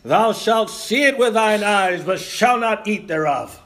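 Pastor putting on a slow booming old prophet, raised and loud, for a sermon reading. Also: male voice, animated, full character voice. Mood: solemn. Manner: slow, booming, drawn-out proclamation. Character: solemn old male prophet proclaiming slowly.

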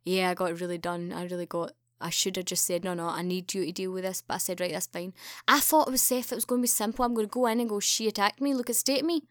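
A woman's voice: quick pace, few pauses, no echo, clean studio sound. A young woman telling a story in casual chat, acting out the quoted lines with a lifted voice. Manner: animated, acts out quoted dialogue with raised pitch. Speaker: podcast guest.

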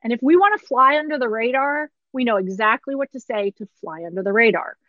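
A woman's voice: a little high, expressive, a little fast, no echo, muffled recording. A woman in her thirties, a pharmacist, candidly telling a personal story with short laughs through hard moments.

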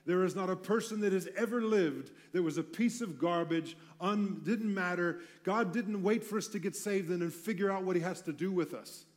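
Man, preacher, sermon, fairly high voice, fervent, loud-soft swings, humorous asides. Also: normal speed, few pauses. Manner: passionate, with wide swings in loudness and light humorous asides.

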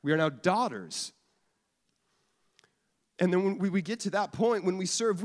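A man's voice: high-pitched, expressive, measured pace, long pauses. A man in his thirties, a pastor giving a casual, joking sermon to a church, often restarting his sentences. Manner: conversational, jokey, repeats and restarts often. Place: church sanctuary. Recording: long hall reverb.

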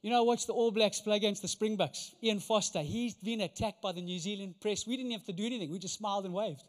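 Male preacher, lively storytelling sermon, high pitch, long hall reverb. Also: fast. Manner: animated, conversational, acts out voices. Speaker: pastor.

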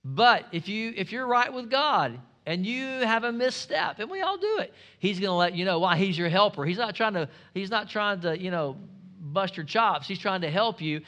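A pastor preaching a sermon, emphatic and asking the congregation rhetorical questions. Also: male voice, high voice, animated, moderate pace, fairly bright tone.

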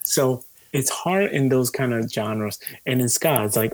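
A musician being interviewed, talking in a loose, rambling way with lots of fillers, swearing and easy laughs. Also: male voice, medium pitch, a little slow. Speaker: musician guest. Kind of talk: casual conversation.

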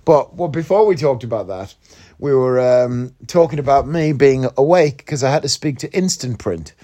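A man's voice: mid-range voice, expressive, normal speed, background noise. A man with a slight northeast English accent, hosting a casual morning podcast from his bed, chatty and rambling, sounding groggy and just woken up. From northeast England. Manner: rambling, chatty, self-mocking. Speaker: podcast host. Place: in bed at home.

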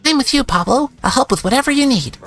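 A man's voice: extremely high pitch, lively intonation, fast talker, fairly bright tone, voice pushed up, heavily acted. A man voicing a helpful young female bunny sidekick, reading game dialogue aloud in an anxious, caring way.

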